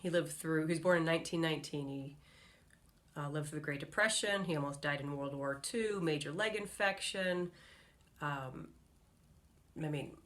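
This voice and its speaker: A middle-aged woman vlogs straight to the camera, giving her viewers an earnest, encouraging pep talk. Her voice sits fairly low but sounds bright, forceful and tense. She coaches steadily in a direct, upbeat way. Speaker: motivational speaker and vlog host. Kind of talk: direct-to-camera motivational vlog.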